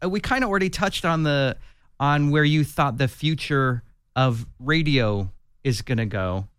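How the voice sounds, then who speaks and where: A man interviewing a guest, asking short curious questions in a measured way. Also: mid-range voice, fairly bright tone, smooth, dry recording, studio quality. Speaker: interviewer, podcast host.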